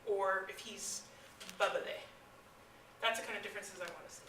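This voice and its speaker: A woman teaching a classroom writing lesson, asking lively questions and restarting her sentences. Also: medium pitch, moderate pace, a little hiss or hum. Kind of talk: classroom instruction. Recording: echoey classroom, from far off.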